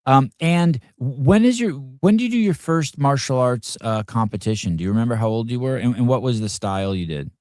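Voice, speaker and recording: A man's voice: mid-range voice, expressive, a little fast, hardly any pauses, a little mellow, no room sound, clean studio sound. A man hosting a podcast, asking curious, short follow-up questions in a casual interview. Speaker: podcast host.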